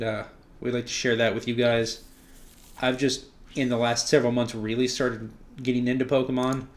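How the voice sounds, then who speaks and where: A man casually commenting on his own card game match, thinking out loud as he plays. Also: medium pitch. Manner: chatty, thinks out loud with frequent "uh" and "okay".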